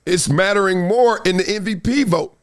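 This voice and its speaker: Man, middle-aged, sports talk host, high voice, emphatic, storytelling, live stream. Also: normal speed.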